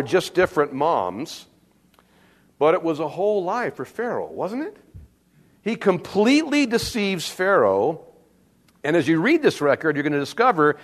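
Lively, high-voiced male preacher. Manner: animated storytelling with humor. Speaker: pastor. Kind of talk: sermon.

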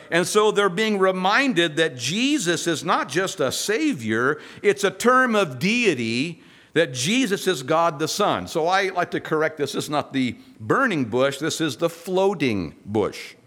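A male pastor delivering a sermon in a high, bright voice. His pitch swings widely as he tells the story with humor and acts out the voices of the people in it.

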